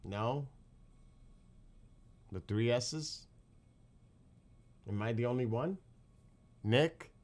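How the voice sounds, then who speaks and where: A man's voice: mid-range voice, extremely slow, long pauses, a little mellow. A man with a New York accent chatting casually with his live-stream viewers late at night, quizzing the chat and laughing often.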